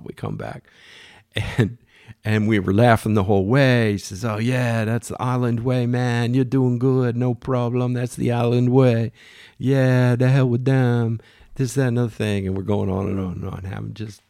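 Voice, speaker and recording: Low gravelly guy telling a story, dry sound, jumps around restarting lines. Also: dry recording. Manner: animated, restarts phrases. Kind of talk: casual anecdote.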